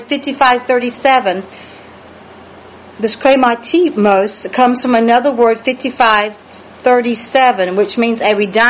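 A woman preaching a Bible study sermon, emphatic and drawn out, questioning her listeners and exclaiming praise. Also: mid-range voice. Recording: dull lo-fi recording with faint noise.

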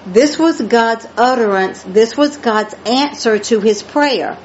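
A woman with a fairly high voice takes her time preaching a Bible study sermon. Her delivery is emphatic and drawn out, full of questions for her listeners and exclaimed praise. Faint noise sits under the dull, lo-fi audio.

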